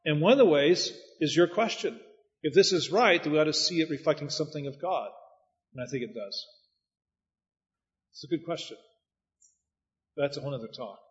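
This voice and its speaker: A man's voice: fairly high pitch, moderate pace, long pauses. A man preaching as a pastor, folksy and anecdotal, with chuckling asides. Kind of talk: preaching talk. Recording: muffled sound with long hall reverb.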